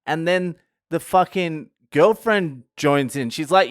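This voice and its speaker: A man's voice: on the high side, slow pace, no room sound, studio quality. A young man, telling a crude, mocking story to camera with heavy swearing. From Australia. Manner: crude, sweary, mocking, laughs at his own jokes. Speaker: vlogger. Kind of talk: profane storytelling rant.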